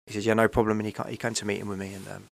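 A podcast guest in his 30s tells his own story candidly and emotionally, rambling and often asking "right?" and "you know." His voice is lowish, gravelly, and level in tone, and he talks very fast.

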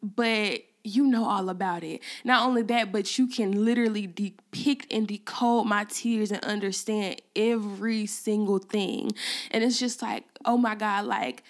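A woman's voice: mid-range voice, fairly even intonation, unhurried. A young woman hosting a faith podcast, talking in a rambling, heartfelt way with many fillers, close to tears at times. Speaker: podcast host. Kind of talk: personal faith podcast talk.

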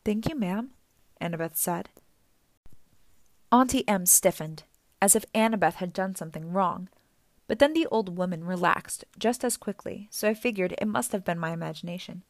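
Low-voiced female audiobook narrator. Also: normal speed, creaky, no echo. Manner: steady, storytelling delivery. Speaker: audiobook reader. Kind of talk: first-person audiobook narration.

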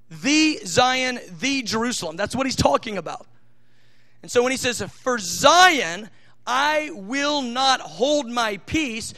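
A man preaching a sermon, teaching from scripture with fervent emphasis, rushing asides and slowing down to stress key phrases. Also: extremely high pitch, pushed and bright.

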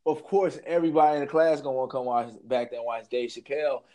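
A man's voice: medium pitch, quick pace, mellow. Laid-back man telling a school story. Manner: laid-back, laughing, slangy. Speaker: co-host. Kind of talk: casual storytelling chat.

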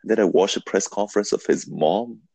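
A man telling a long story in a casual podcast conversation, animated and full of fillers, swearing now and then. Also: on the low side, fairly quick, creaky, breathy edge, no room sound.

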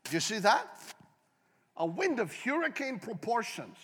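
A man preaching a sermon as a guest speaker, dramatic and joking, swinging from quiet talk to shouting. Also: very high-pitched, very animated, unhurried, slightly rough, long reverb tail.

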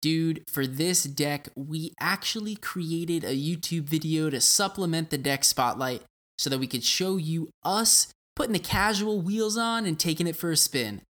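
A man's voice: a little high, a little slow, a bit bright. A young man co-hosting a gaming podcast, playful and teasing, laughing often. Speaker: podcast co-host. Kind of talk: casual podcast chat.

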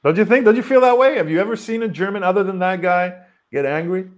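Man, podcast host, teasing, laughing, somewhat high voice. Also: quick pace. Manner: joking, teasing, laughs while talking. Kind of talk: casual chat.

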